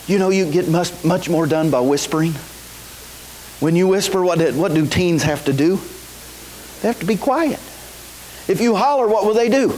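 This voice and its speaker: A man's voice: on the high side, normal speed, pauses often, darkish tone, poor audio. A man preaching a sermon to a congregation, often asking "is that right?" and waiting for a response. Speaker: pastor. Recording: faint hiss.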